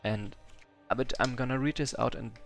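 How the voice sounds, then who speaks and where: A man playing a video game who reads its story text aloud slowly and hesitantly, stumbling and restarting on words between casual remarks. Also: mid-range voice, fairly even intonation, gravelly, a bit bright, soft background music. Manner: slow, hesitant reading with restarts. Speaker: game let's-player. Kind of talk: reading game dialogue aloud and chatting.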